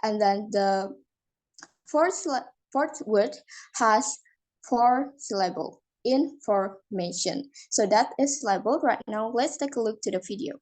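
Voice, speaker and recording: A woman's voice: fairly high pitch, a little slow, darkish tone, poor audio. A woman teaching an English phonology lesson, explaining step by step with fillers and restarts.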